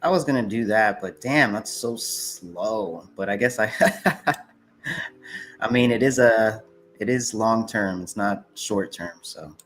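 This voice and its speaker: Low-voiced young man hosting a trading stream. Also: slow pace, fairly bright tone, a little hiss or hum. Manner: laid-back, laughs easily, swears casually. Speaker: livestream host. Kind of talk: casual livestream chat.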